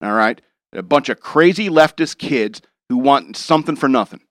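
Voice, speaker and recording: A man's voice: mid-range voice, animated, moderate pace, no room sound, clean studio sound. A man rambling through a wry, jokey monologue as a show host, chuckling now and then.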